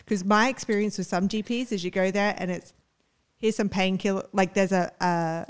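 A woman's voice: mid-range voice, a little fast, clear, resonant tone. A woman co-hosting a podcast, asking questions in casual chat and trailing off into restarts. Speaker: podcast co-host.

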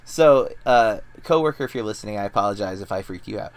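A man's voice: on the low side, animated, fast talker. A man in his thirties, a podcast co-host telling rambling, self-deprecating stories in casual chat.

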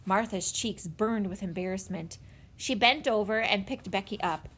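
A woman narrating a children's audiobook in an expressive storytelling manner. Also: mid-range voice, normal speed, husky. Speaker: audiobook reader.

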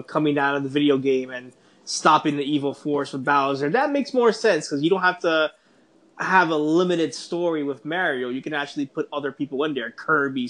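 A man in casual chat about films, joking and animated. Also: on the high side.

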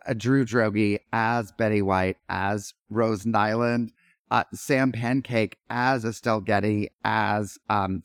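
Animated middle-aged man telling stories, dry. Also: lowish voice, smooth, no echo. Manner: animated, lots of fillers and self-interruptions. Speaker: podcast guest, actor. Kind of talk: casual storytelling chat.

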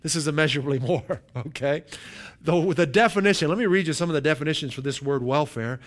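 A man with a slightly high voice preaches an emphatic sermon, slowing down to stress key words. Between points he asks the room, "right?"

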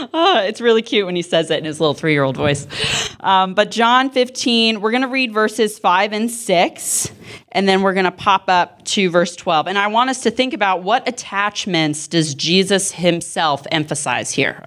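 A woman's voice: medium pitch, a bit bright. A woman in her thirties on ministry staff giving an interactive Bible talk to students, chatty and full of questions for the group. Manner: chatty and audience-engaging, asks questions. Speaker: campus ministry staff speaker.

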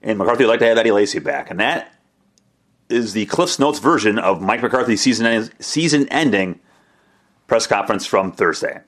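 A man's voice: fairly low pitch, expressive, normal speed, fairly bright tone. A man hosting a sports podcast, recapping a press conference in a casual way, reading quotes and adding wry asides. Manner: wry, self-mocking asides, reads quotes aloud. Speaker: podcast host.

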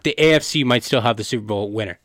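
A man co-hosting a sports debate who breaks in with numbers and challenges to the others. His voice sits at an ordinary pitch and is recorded dry. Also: fast talker, fairly bright tone, no room sound. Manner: jumps in with stats and counterpoints. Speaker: sports podcast co-host.

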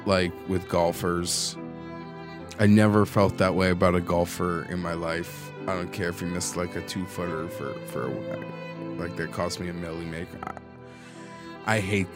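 A man co-hosting a sports podcast, ranting in a profane, heated way that swings into shouting. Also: low-pitched. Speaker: podcast co-host. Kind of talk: casual sports podcast chat.

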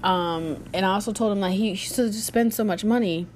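Speaking fairly quickly, a young woman tells her viewers a story from her own life in a relaxed, animated way, full of fillers. Quoted lines come out in a lower voice, and there's a little hiss or hum.

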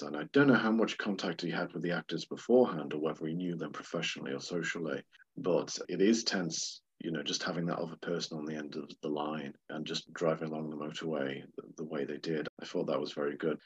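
A podcast co-host with a rumbling low, slightly breathy voice chats about films in a rambling way, laughing often. The sound is a bit dull and lo-fi.

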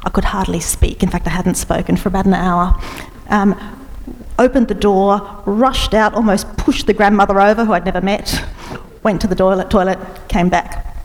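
Female interviewer, reflective, mid pitch, roomy reverb. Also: steady tone, normal speed. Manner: personal, reflective. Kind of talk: conversational interview. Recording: reverberant room.

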